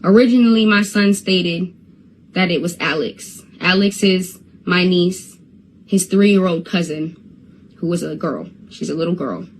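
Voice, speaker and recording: A woman's voice: on the low side, unhurried, slight background noise. A woman telling a story to her viewers on a phone livestream, repeating and stumbling over words as she goes. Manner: stutters and repeats words when upset. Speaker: Instagram live streamer.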